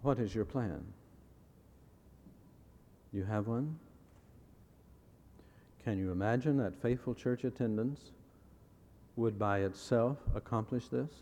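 A man preaching in a measured, deliberate way, returning to his key phrases to drive them home. His voice sits at an ordinary middle pitch, and it carries a long reverb as if from a large church hall. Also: dark tone. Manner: asks the audience rhetorical questions. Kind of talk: sermon.

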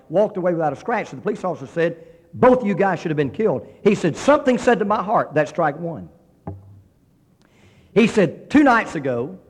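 A man preaching, spinning an animated story and acting out the voices of the people in it. He talks fast, with a voice a touch above the usual pitch, and each phrase rings out in a big reverberant hall. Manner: animated storyteller acting out quoted dialogue, with frequent restarts. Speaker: pastor. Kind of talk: sermon storytelling.

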